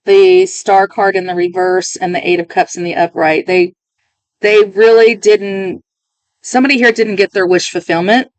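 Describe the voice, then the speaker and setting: A woman's voice: medium pitch, fairly even intonation, moderate pace, no room sound. A woman reading tarot cards for her viewers, talking in a musing, emotional way and often interrupting herself. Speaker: tarot reader.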